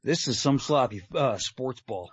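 A man's voice: mid-range voice, expressive, a little slow, husky, no room sound, dull audio. A man co-hosting a casual online talk radio show, loose and joking with lots of fillers. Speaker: co-host. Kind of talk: casual podcast chat.

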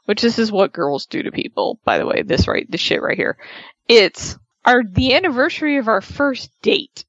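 Female podcast co-host, fairly high voice, animated storyteller who mimics quotes; dull, dry lo-fi recording. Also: moderate pace, no room sound. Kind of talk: casual chat recapping a reality show.

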